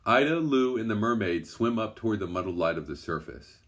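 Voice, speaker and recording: Low-voiced man reading a children's story. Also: animated, brisk, fairly bright tone. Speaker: storybook narrator.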